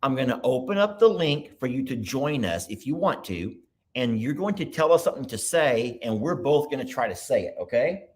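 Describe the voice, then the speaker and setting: A man hosting a casual livestream from his computer, chatting loosely and thinking out loud as he goes. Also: mid-range voice, sing-song, normal speed. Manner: rambling, chatty, thinks aloud. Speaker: livestream host. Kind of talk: casual live chat.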